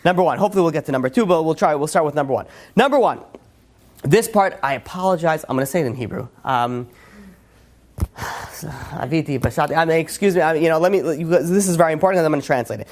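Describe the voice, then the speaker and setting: A man's voice: fairly high pitch, fast. A man, a rabbi, teaching a religious class in an emphatic way with rhetorical questions and frequent restarts. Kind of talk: religious lecture.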